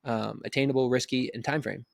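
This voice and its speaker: A man in his thirties giving an energetic, conversational motivational business talk, often checking in with "right?". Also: medium pitch, fairly quick, creaky, no echo, clean studio sound. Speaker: business coach.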